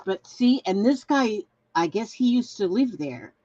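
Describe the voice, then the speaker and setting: A woman's voice: mid-range voice, lively intonation, measured pace, a little mellow, muffled recording. A woman hosting a casual craft livestream, chatting in a rambling way and reading viewer comments aloud. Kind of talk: casual live-stream chat.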